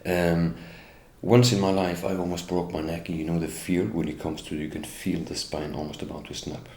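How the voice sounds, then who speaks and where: This interviewee is a middle-aged man from Norway, a native Norwegian speaker using English, who bitterly and indignantly recounts his own experience and speaks straight to the police at points. He has a low, slightly mellow voice, a level tone, and a moderate pace. Slight background noise sits under a roomy echo with faint ambience.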